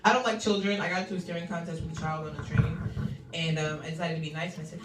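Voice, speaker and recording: Blunt deadpan woman comic, far and echoey. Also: fairly low pitch, rapid-fire. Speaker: stand-up comedian. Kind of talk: stand-up set at an open mic. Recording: echoey room, far from mic, noisy.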